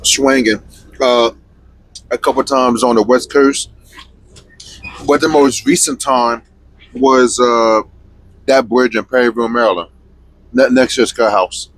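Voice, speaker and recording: A young man co-hosting a trucking podcast, telling road stories loudly, laughing often and swearing a lot. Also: medium pitch, steady tone, unhurried, pauses often, poor audio. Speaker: podcast co-host, truck driver. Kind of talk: casual chat.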